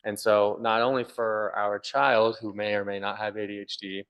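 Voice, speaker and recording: A man's voice: on the low side, level tone, normal speed, a bit bright, clean tone. A young man co-hosting a podcast, earnestly explaining his views with examples in casual talk. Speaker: podcast co-host. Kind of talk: casual conversation.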